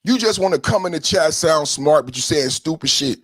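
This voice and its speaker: A man hosts a profane political livestream in a raised, husky voice. His pitch leaps all over as he mocks, shouts and sing-songs his taunts, and the sound is dry and close. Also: expressive, a little fast, no echo. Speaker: podcast host.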